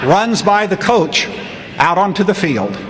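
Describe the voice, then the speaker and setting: A man in his sixties gives a commencement speech in a wry, deadpan storytelling manner. His voice sits fairly high for a man. The sound carries a long hall reverb over faint crowd ambience. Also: a little slow, background noise. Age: 60s. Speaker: commencement speaker. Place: large ceremony hall.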